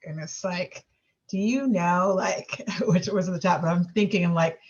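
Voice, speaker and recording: A woman's voice: lowish voice, steady tone, normal speed, slightly rough, muffled recording. A woman talking animatedly in a casual group video call, restarting often and sounding exasperated.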